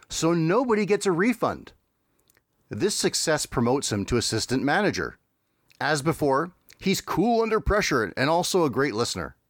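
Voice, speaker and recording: A man chatting casually on a podcast, recapping cartoon plots with dry asides and frequent laughs. His pitch moves a lot as he talks. The sound is close and dry, with no room echo. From Canada. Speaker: podcast co-host. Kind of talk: casual chat, summarizing cartoons.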